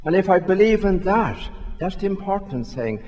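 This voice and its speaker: A man's voice: high voice, expressive, moderate pace, dark tone, lo-fi sound. A man, a priest, giving a sermon in a large church, talking in a conversational, self-questioning way and repeating himself as he tells a story. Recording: long reverb of a church hall.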